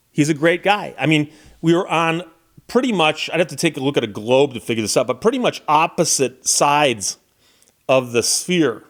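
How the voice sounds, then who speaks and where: A middle-aged man from the United States, a lawyer and YouTube host, has a voice on the high side. He muses somberly in a casual monologue, frequently starting over mid-thought.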